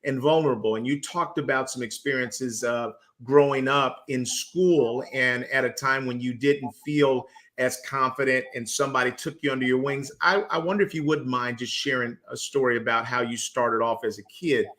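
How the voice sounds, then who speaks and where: A man's voice: mid-range voice, steady tone, moderate pace, few pauses, fairly bright tone. Man, interview host, earnest, admiring, asks questions.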